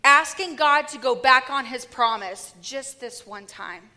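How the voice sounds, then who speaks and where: A woman preacher delivering a sermon with lively, humorous storytelling. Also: high voice, measured pace, few pauses, long reverb tail.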